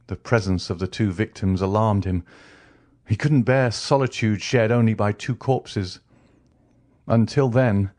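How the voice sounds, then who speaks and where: A man reading a classic novel aloud as an audiobook narrator, with a steady, dramatic delivery. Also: fairly low pitch. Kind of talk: scripted narration.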